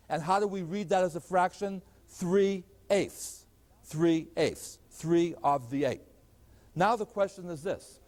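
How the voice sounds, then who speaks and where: A man's voice: a little high, expressive, normal speed, a little mellow. A man teaching a math lecture, explaining step by step and posing rhetorical questions to the class. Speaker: mathematics lecturer. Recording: long hall reverb.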